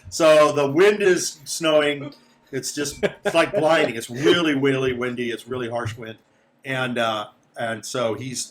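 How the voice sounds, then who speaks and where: A man running a tabletop game as dungeon master, narrating haltingly with many filler sounds. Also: medium pitch, fairly bright tone, slight background noise. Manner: halting narration with many uhs, slipping into character voices.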